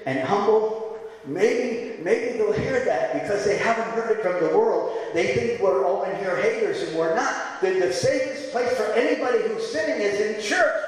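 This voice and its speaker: A man preaching a sermon as pastor in a church, impassioned, swinging from quiet, gentle stretches to shouting. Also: high voice, expressive, moderate pace. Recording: echoey hall.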